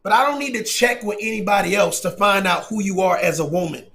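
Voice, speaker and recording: Male commentary host, emphatic and preachy delivery, profane, higher-pitched voice. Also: brisk, sharp tone. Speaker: channel host. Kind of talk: casual commentary.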